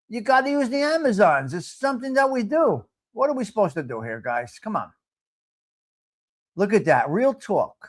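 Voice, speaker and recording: A man hosting a live talk show, brash and profane, repeating himself as he riffs. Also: high-pitched. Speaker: host.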